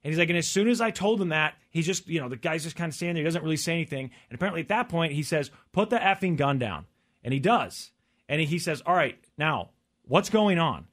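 Fast-talking man telling a story. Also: fairly high pitch. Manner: storytelling, quotes others in lively voices. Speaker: podcast co-host. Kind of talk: casual chat.

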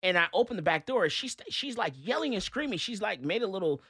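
Male talk host, lively pitch, blunt storyteller. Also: brisk, breathy edge, no echo, studio quality. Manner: animated storytelling, blunt opinions. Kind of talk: casual talk radio chat.

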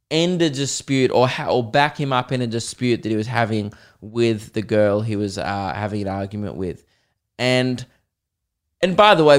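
An Australian man at an average pitch, spinning a comic story on his podcast. He talks in a lively, self-mocking way and jumps into voices of the people he describes. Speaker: podcast host, comedian.

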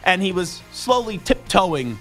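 A man's voice: high-pitched, big pitch swings, measured pace, a bit bright, faint music behind. A man hosting a sports radio show, bantering and giving blunt opinions in a casual, joking way.

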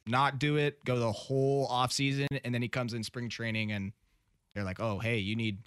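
A man's voice: medium pitch, steady tone, moderate pace, a bit bright, smooth, no room sound, studio quality. A man hosting a sports radio show in casual chat. He argues his points with stats and laughs along with his co-host.

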